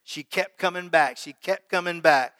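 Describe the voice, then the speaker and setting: A man's voice: sits high, moderate pace, bright, forceful tone. A man preaching a sermon as pastor, talking conversationally and putting questions to his congregation. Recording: long hall reverb.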